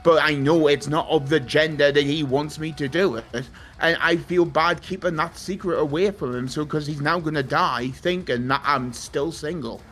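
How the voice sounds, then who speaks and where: A man's voice: a little high, normal speed, few pauses, fairly bright tone. A young man chatting casually, rambling and emotional, swearing freely and laughing often. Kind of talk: casual chat. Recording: faint music behind.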